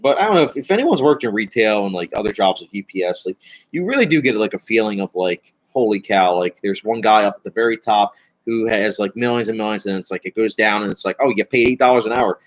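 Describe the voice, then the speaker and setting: On lo-fi audio, a young man with a fairly low voice chats through viewer questions in a casual livestream. He rambles, leans on fillers, laughs frequently, and carries a nervous edge he describes as anxiety.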